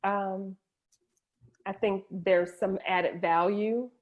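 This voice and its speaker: A woman's voice: medium pitch, fairly even intonation, very slow. A middle-aged woman, a guest in an interview, candidly sharing an emotional personal story with frequent restarts. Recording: dull lo-fi audio.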